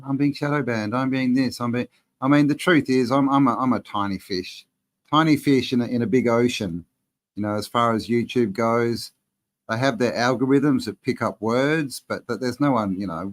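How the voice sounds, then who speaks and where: Laid-back man chatting live. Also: mid-range voice. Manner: relaxed, rambling, says man and bro. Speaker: channel host answering live chat. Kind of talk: casual live-stream Q&A.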